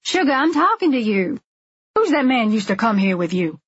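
A woman's voice: a little high, sing-song, moderate pace, husky, no room sound, dull audio, voice pushed up. A woman voicing a pushy, nosy woman who demands answers in a food pantry line, in an audiobook reading. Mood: demanding.

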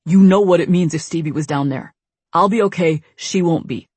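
A woman voicing a stunned young man asking bewildered questions in a husky voice. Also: fairly low pitch, normal speed, darkish tone, no room sound.

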